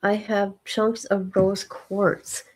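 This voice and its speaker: A woman's voice: medium pitch, little pitch movement, slow pace. Older grandma type rambling on her stream, kinda sleepy, easygoing chat. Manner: rambling, chatty, self-deprecating. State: sleepy, yawning. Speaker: livestream host. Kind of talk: casual chat.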